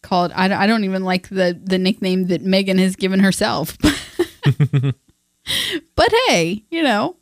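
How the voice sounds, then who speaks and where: A woman co-hosting a casual book-discussion podcast, retelling scenes in halting, chatty talk full of fillers and restarts. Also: mid-range voice, dry recording, clean studio sound. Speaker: podcast co-host and parent.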